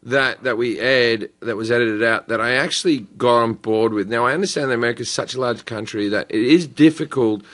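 Man, talk show host, bright forceful voice, rambling profane storyteller. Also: medium pitch, brisk, few pauses. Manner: loose, profane, animated storytelling. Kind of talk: casual storytelling chat.

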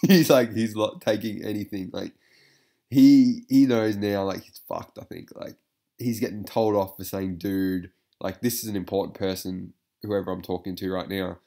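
A man's voice: on the low side, measured pace, mellow. A man giving casual reaction commentary, rambling with lots of fillers, swearing and frequent laughter.

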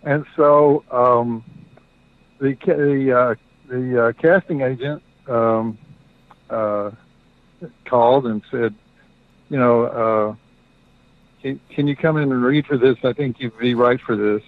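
A middle-aged man telling a story as a guest, halting, with many fillers and restarts. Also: mid-range voice, steady tone, no echo. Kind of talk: casual storytelling. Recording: dry tinny phone-like line.

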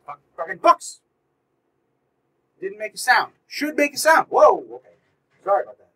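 A man's voice: extremely high pitch, wildly swooping pitch, brisk, gravelly, bright, forceful tone, slightly rough, poor audio. A man playing a horror game in virtual reality, reacting with yelps, swearing and running commentary, likely on a headset mic. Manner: jumpy, swears, yelps and talks back to the game. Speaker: gaming YouTuber. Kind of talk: VR horror let's play commentary.

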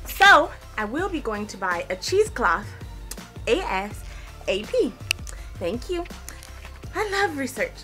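A woman's voice: a little high, very animated, slow, pauses often, over music. A woman talking frankly in a casual video diary, complaining and chatting as a vlogger. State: out of breath.

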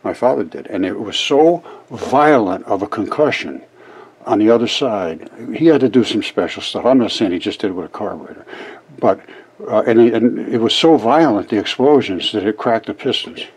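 A lowish, husky older man talks casually over footage he is showing. He rambles, stumbles and repeats words while he explains, like a hobbyist walking viewers through his own experiment. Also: expressive, normal speed, a little mellow. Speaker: independent science video maker.

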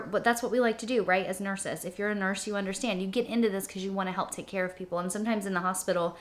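A woman's voice: medium pitch, fairly bright tone. Chatty young woman. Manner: chatty, rambling, many fillers and restarts. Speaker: vlogger. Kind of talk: casual chat to camera. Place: her she shed.

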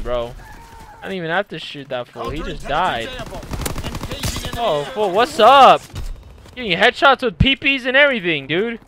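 High bright-voiced young gamer, loud and profane. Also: male voice. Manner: loud, profane, jumpy, joking. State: voice going hoarse from yelling. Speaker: gaming streamer. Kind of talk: casual gameplay commentary.

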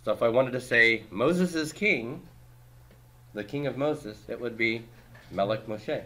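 A man teaching a class, reviewing homework by asking brisk questions and cracking dry jokes. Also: medium pitch, sharp tone. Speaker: Hebrew teacher.

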